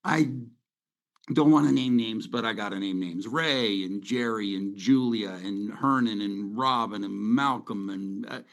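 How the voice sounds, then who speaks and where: A man's voice: on the low side, a little slow, vocal fry. Middle-aged guy on a video call from his home office, chatty and rambly, running slides. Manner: conversational, rambling, sentimental. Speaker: webinar host. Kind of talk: casual presentation over slides.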